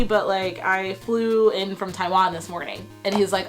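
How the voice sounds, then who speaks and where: A young Texan woman recounts a story in a casual, rambling way, laughing between thoughts. Her voice sounds worn from a cold, her pitch sits in a middle range, and faint music plays quietly behind her. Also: a little fast, few pauses. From Texas, USA. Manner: chatty, animated retelling with frequent 'like' and laughs. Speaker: vlogger.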